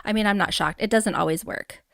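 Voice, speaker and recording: A woman hosting a casual live stream, bubbly and excitable, giggling as she greets her viewers by name. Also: mid-range voice, brisk, creaky, no room sound, studio quality. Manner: greets chatters warmly by name. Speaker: livestream host.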